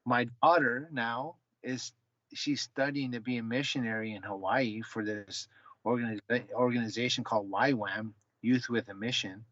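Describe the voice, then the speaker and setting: A man's voice: mid-range voice, normal speed, no room sound. A man in his forties speaks casually, a former fighter and coach recounting his past. He slips into the voices of the people in his story. The recording sounds dull and dry, as if the room were padded. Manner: animated, acts out dialogue with his son.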